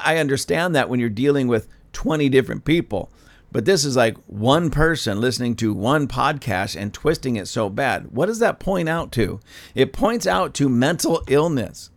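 Emphatic man preaching on a podcast. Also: medium pitch. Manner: emphatic, repeats phrases for emphasis; conversational asides with fillers. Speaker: pastor.

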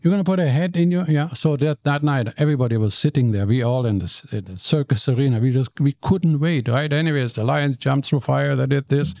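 An older man, a guest telling stories in an animated way, often stumbling and repeating words. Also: mid-range voice, fairly quick, vocal fry, hardly any pauses, dry recording, studio quality. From Germany. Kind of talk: storytelling in conversation.

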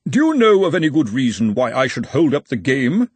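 A man voicing a pompous, haughty older university head acting as referee, speaking in a booming, drawn-out way. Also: sing-song, breathy edge, no room sound.

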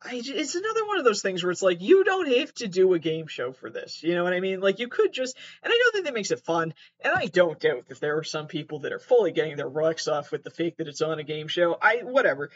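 Rambling, sarcastic high-voiced man. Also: sing-song, fast talker, few pauses, highs cut off. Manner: rambling, sarcastic, self-deprecating, swears. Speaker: host. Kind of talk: casual commentary, reading aloud. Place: sitting on a mattress at home.

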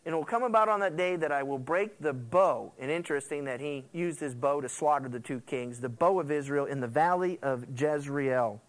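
A man's voice: on the high side, normal speed, hardly any pauses. A man preaching a sermon, reading scripture aloud and reacting to it with asides and jokes for his congregation. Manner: animated, quips and laughs with the congregation. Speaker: pastor.

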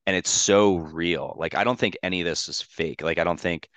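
A low-pitched man talks through a personal story in easy podcast chat, his voice smooth and resonant. He rambles with constant "like" fillers and speaks candidly, swearing now and then. The sound is close and dry. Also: normal speed, fairly bright tone, no echo. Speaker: podcast guest.

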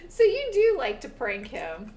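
A middle-aged woman banters casually with a friend, laughing easily. Her voice sits a bit high and moves with lively swings of pitch. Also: a little slow, crowd noise. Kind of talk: casual chat.

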